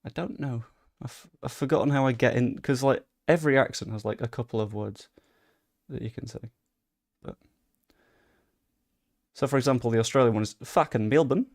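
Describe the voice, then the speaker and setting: Young male streamer, gravelly tone, casual chatty gameplay commentary, excitable, swears. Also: mid-range voice, moderate pace. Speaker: gaming streamer.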